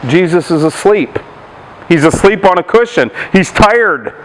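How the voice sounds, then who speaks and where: Brief: male pastor with a high voice, faint hiss behind him, preaching and quizzing his listeners. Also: expressive, measured pace. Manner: questions the congregation and retells Bible stories. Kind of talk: sermon.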